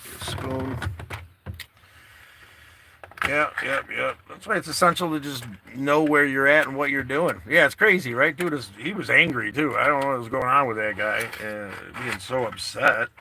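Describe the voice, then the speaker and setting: A travel vlogger with a mid-range voice talks at a moderate pace from his car outdoors, with background noise audible. Laid-back and rambling, he chats casually with his viewers on a live stream.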